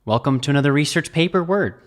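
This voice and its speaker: A man with an American accent reading a scripted vocabulary lesson, enunciating each word slowly and clearly. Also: a little high, lively intonation. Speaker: English vocabulary teacher.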